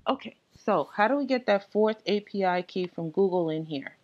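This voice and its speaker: A woman presenting a screencast software tutorial, explaining setup steps casually with frequent ums and uhs. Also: medium pitch, lively intonation, moderate pace, dull audio.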